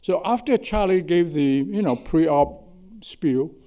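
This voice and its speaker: Old chinese-accented guy, kinda high voice, warm and mellow, jokey lecture stories. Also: expressive, slow pace. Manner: chatty, tags remarks with "okay?", self-deprecating humor. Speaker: surgeon giving a symposium talk. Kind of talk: anecdotal lecture. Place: lecture hall.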